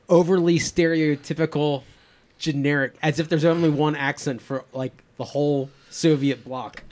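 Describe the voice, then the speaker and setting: Casting note: man, 50s, podcast host, casual and rambly, average pitch. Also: a little mellow. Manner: rambling, many restarts and fillers. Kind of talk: casual chat.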